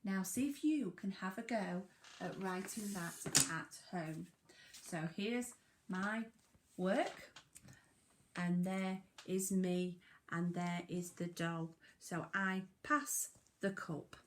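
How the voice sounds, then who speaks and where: A woman teaching a phonics lesson to young children, sounding out words slowly and emphatically. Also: fairly low pitch, a little hiss or hum. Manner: slow, sing-song, emphatic sounding out of words. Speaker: primary school teacher. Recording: echoey room.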